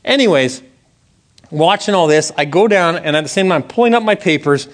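A man, preaching a sermon in a church and telling a personal story, animated and conversational, asking the congregation questions. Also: moderate pace. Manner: animated storytelling, acts out quotes with big pitch jumps; conversational, asks the audience questions. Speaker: pastor.

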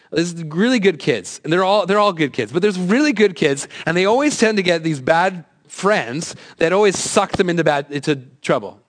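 A man in his thirties giving a casual, conversational sermon as a youth pastor, joking at his own expense and acting out quoted voices. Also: fairly high pitch. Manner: conversational, self-deprecating, acts out quoted voices.

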